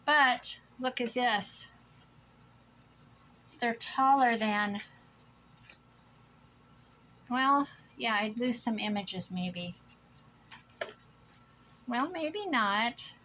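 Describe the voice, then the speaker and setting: A woman's voice: fairly high pitch, takes it slowly, bright, forceful tone, slight background noise, poor audio. A middle-aged woman from Iowa chatting casually to camera about her thrift finds, gushing and rambling. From Iowa, USA. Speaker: thrift vlogger. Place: home room.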